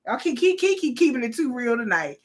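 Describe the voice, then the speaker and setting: A woman with a slightly high, sing-song voice hosts a live watch party for a reality show, talking fairly quickly. Her commentary to viewers is blunt, profane, and opinionated.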